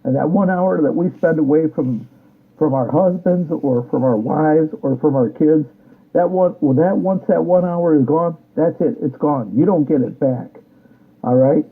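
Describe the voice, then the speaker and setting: Over a tinny, phone-like line, a political commentator with a slightly high, slightly rough voice delivers a combative, repetitive rant at a measured pace. He often ends his sentences with a challenging "all right?".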